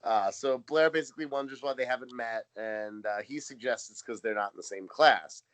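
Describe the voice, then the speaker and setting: A man's voice: medium pitch, normal speed, fairly bright tone, no room sound. A man co-hosting a podcast in casual chat, wry and laughing often as he retells scenes. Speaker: podcast co-host. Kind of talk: casual chat recapping a TV episode.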